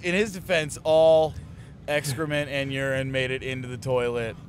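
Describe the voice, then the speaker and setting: A man's voice: mid-range voice, flat delivery, normal speed, crowd noise. A man from a touring band's crew telling a rambling, profane road story in a casual chat inside a moving van. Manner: rambling, profane, self-mocking. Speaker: touring band crew member.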